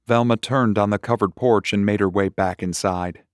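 A man reading a horror short story aloud in a measured, unhurried way. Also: lowish voice, fairly even intonation, no room sound, studio quality. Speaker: narrator. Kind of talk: scripted horror story narration.

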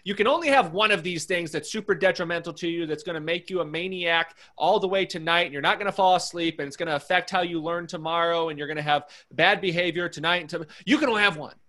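A man's voice: on the high side, fast talker, hardly any pauses, bright, forceful tone. A man co-hosting a podcast, talking in an earnest, preachy way and repeating his points. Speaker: podcast co-host. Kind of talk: casual podcast chat.

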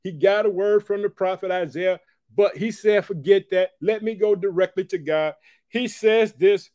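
A man preaching a sermon, reading scripture slowly and loudly, then dropping to quieter asides and repeated call-outs to the listener, and praying aloud for people. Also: high voice, dry recording.

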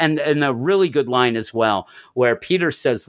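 A man's voice: medium pitch, lively intonation, moderate pace, hardly any pauses. A man casually discussing comics on a podcast, enthusiastically retelling scenes and quoting the characters' lines. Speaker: comic book podcast host.

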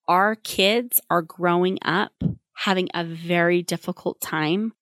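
A woman's voice: on the low side, fairly even intonation, takes it slowly, fairly bright tone, no echo. Chatty woman therapist, dry close sound. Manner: chatty, acts out quoted lines. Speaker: child therapist. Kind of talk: casual advice monologue.

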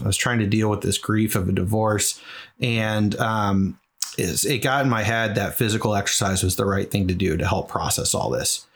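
A middle-aged man from New England telling a long personal story as an interview guest, earnest and rambling with many fillers. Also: lowish voice. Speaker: guest, charity marathon runner.

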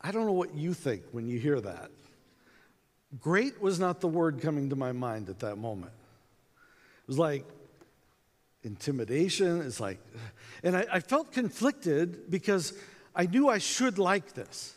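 A man's voice: on the high side, big pitch swings, measured pace, long pauses. An American man giving a conference talk, telling a personal story in a conversational way and acting out the voices in it. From United States. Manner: conversational, acts out quotes, many fillers. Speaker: conference speaker. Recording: echoey hall with long reverb.

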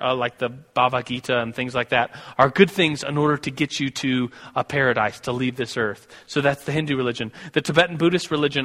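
A man's voice: mid-range voice, sharp tone. An American man giving a sermon, telling a personal story in a conversational way with many restarts. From United States. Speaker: preacher. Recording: long reverb of a hall.

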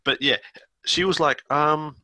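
A man's voice: fairly high pitch, fairly even intonation, unhurried, pushed and bright, no echo. A middle-aged Australian man co-hosting a podcast in chatty, self-deprecating casual talk. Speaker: podcast co-host. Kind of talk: casual chat.

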